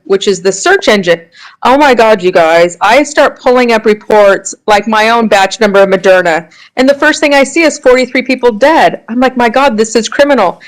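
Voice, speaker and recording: Woman, guest in live audio chat, earnest, indignant, smooth resonant voice. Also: medium pitch, no echo, poor audio. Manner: earnest and indignant, many fillers. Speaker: guest speaker. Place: remote live audio room.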